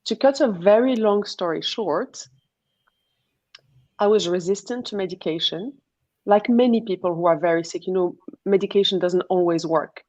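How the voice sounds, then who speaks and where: A guest nutritionist on a radio interview chats warmly and laughs easily, her English carrying a slight French-educated accent. She is half Moroccan, half Iranian, and English isn't her first language. Her mid-range voice moves at a normal pace with a darkish tone, captured in a dry, lo-fi recording.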